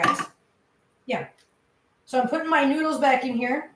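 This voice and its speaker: A woman's voice: high-pitched, measured pace, fairly bright tone, far from the mic, a little hiss or hum. A woman vlogging as she cooks dinner at home, chatting away to her viewers and her cats. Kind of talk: casual chat while cooking. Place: home kitchen. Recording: echoey kitchen from off-mic.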